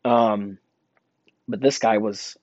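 A man's voice: fairly low pitch, fairly even intonation, slow pace, darkish tone, dry recording. A young man casually telling a rambling personal story about work, full of fillers and restarts. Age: young adult. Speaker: store employee telling a story. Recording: dull lo-fi dry recording.

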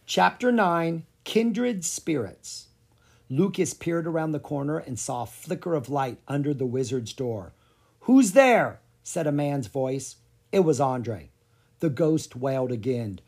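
A storybook narrator reading a children's chapter book aloud in a slow, deliberate, hushed way. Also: mid-range voice, breathy edge.

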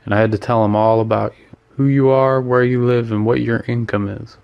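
A man's voice: mid-range voice, fairly even intonation, a little fast, gravelly, clean tone, dull audio, lightly acted. A man reading the part of a witty, worldly male painter who teases his friend and slips in French phrases. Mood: amused. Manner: breezy, teasing, lightly sprinkles French phrases.

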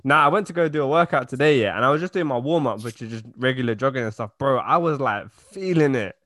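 A young man, co-hosting a podcast in relaxed, joking chat and steering the conversation. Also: medium pitch, fast talker, dry recording, clean studio sound. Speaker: podcast co-host. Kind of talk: casual chat.

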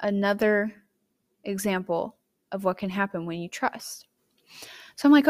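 A young adult woman hosting a podcast, chatty and candid, telling a personal story with emotive jumps in pitch and loudness. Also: unhurried, long pauses. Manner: chatty and candid, addressing listeners directly. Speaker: podcast host.

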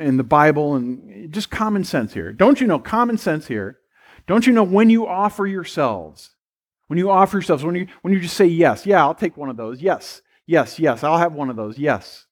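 A middle-aged man, a pastor, preaching a conversational sermon and acting out playful quoted voices. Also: high voice.

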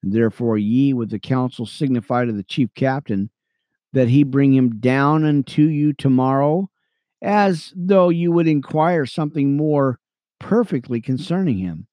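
A man teaching the Bible on radio, reading verses aloud between excited, chatty asides to his listeners. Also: mid-range voice, a little slow, no echo. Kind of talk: reading scripture with commentary.

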